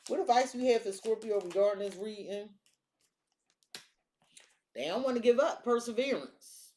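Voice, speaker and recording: A woman's voice: on the high side, normal speed. A woman giving a casual tarot reading, blunt, sassy and full of swearing, talking straight to the viewer and to her cards. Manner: blunt, profane, sassy and animated. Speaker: tarot reader.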